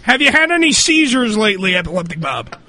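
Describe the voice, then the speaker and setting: High, bright-voiced brash radio host. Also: male voice, sing-song, fast, a little hiss or hum. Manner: brash, teasing, crude. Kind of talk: crude comedy radio banter. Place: radio studio.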